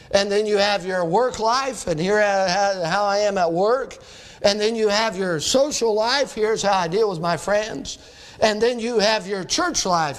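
A man preaching a sermon to students in a hall, emphatic, repeating phrases and asking the crowd questions. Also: sits high. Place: church or school hall before a live audience.

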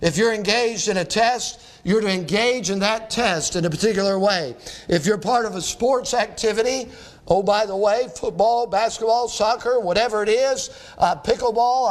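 A man preaching a sermon to students in a hall, emphatic, repeating phrases and asking the crowd questions. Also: high voice. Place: church or school hall before a live audience.

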